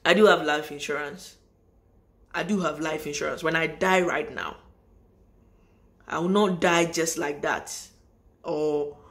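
Talking casually to camera, this female vlogger has a fairly low, slightly bright voice. She presses her points hard, saying important phrases twice, while her sentences ramble and restart as she addresses her viewers.

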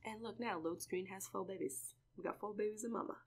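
A woman giving casual, excitable let's-play commentary as she plays, cooing over cute animals. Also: medium pitch, fairly quick, husky. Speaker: gaming video creator. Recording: game music playing behind.

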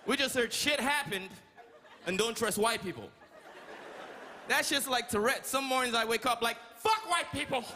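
A man from Canada doing a stand-up comedy set, with a loud, profane, punchy delivery. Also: very high-pitched, moderate pace, pauses often. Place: large comedy stage with live audience. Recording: loud crowd and room noise.

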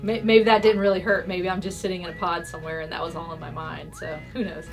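A woman's voice: on the low side, level tone, quick pace, creaky, music in the background. A woman guesting on a casual YouTube interview, bubbly and giggling between answers.

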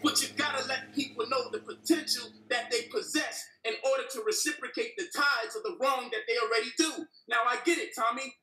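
Man, passionate profane rant, bright tense tone, roomy distant sound. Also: very high voice, fairly even intonation, brisk, few pauses. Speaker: debate guest. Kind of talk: heated debate rant. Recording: echoey room, distant from the mic.

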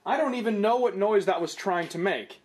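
A man's voice: high-pitched, moderate pace, music in the background. A man giving casual, rambling commentary as he tries out cheap gadgets and snacks at home, dry and self-mocking, picked up on a camera microphone. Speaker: product review vlogger. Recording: noisy camera-mic recording.

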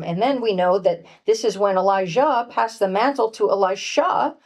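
Woman, retreat workshop speaker, scripture teaching, earnest, gentle, soft hushed moments. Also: medium pitch. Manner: gentle, earnest, drops to a soft hush on key points; reads scripture aloud and acts out voices. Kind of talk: teaching from scripture to a women's group.

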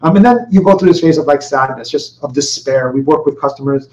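A man's voice: medium pitch, fairly quick, darkish tone. A man, a company executive, presenting a webinar in a conversational way, with many fillers, restarts and rhetorical questions. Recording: roomy, distant, dull webinar audio.

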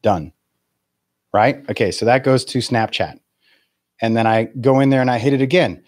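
A man's voice: mid-range voice, moderate pace, a little mellow, no room sound, clean studio sound. A man in his forties, a real estate coach giving a live video webinar in a blunt, profane, laughing rant. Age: 40s.

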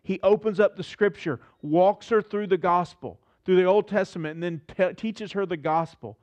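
A male pastor preaching a sermon, animated and emphatic, lifting his voice to stress points and slowing down on key phrases. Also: high-pitched, dull audio.

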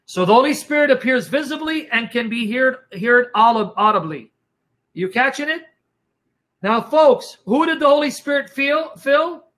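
A man's voice: very high voice, expressive, moderate pace, a bit bright. A man teaching the Bible in a sermon style, emphatic and repetitive, often telling listeners to watch and asking if they follow, his throat strained by coughing.

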